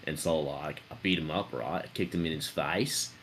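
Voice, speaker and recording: A man's voice: very deep voice, normal speed, fairly bright tone, a little hiss or hum. A man with a put-on Australian accent telling his character's backstory in a tabletop roleplay, rambling with lots of fillers. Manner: rambling, full of fillers and "mate". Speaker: tabletop player.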